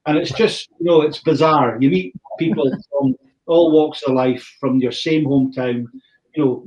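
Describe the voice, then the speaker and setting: A middle-aged Scottish man with a far-northern accent talks through a whisky tasting over a video call. He rambles warmly from one story to the next and keeps restarting his sentences. His voice sits at an ordinary pitch and comes through slightly muffled. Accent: Scottish, far north (Caithness). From Thurso, north of Scotland. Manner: chatty, rambling storyteller, often restarting phrases. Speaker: whisky distillery presenter. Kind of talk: online whisky tasting talk.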